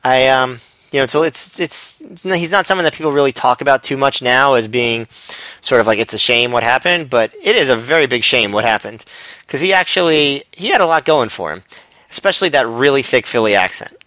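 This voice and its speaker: A man's voice: medium pitch, lively intonation, brisk, bright, forceful tone, no echo. A man co-hosting a podcast, talking casually with many fillers and restarts. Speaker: podcast co-host. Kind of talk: casual chat.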